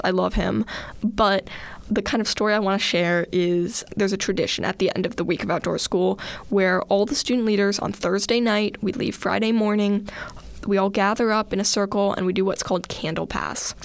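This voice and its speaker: Creaky-voiced woman telling a personal story. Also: medium pitch, no echo. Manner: earnest, chatty, with fillers. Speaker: student leader on a radio student segment.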